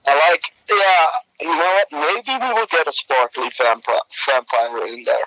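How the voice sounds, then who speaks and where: A young man co-hosting a comedy podcast, telling a rambling story with many halting restarts. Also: fairly high pitch, bright, forceful tone, dry recording, low-quality recording. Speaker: podcast co-host.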